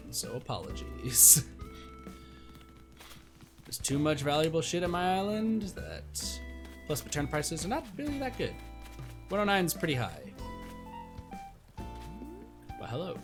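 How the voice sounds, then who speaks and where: A man's voice: fairly high pitch, wildly swooping pitch, normal speed, long pauses. Chatty male game streamer over music. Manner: chatty, rambling, talks to chat. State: hiccups. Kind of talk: casual game livestream chat.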